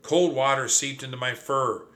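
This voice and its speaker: A man narrating a children's storybook aloud in an expressive, animated way. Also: medium pitch, moderate pace.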